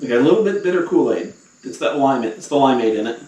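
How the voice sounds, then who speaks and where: A man's voice: mid-range voice, expressive, quick pace, distant mic, noisy background. A man co-hosting a casual podcast, teasing his friends with crude wisecracks. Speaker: podcast co-host. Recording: echoey, off-mic with faint crickets.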